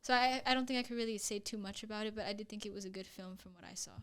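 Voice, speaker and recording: A woman's voice: medium pitch, very fast, a bit bright, clear, resonant tone. A teenage girl hosting a student movie podcast, rambling casually with lots of fillers. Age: teens. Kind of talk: casual chat.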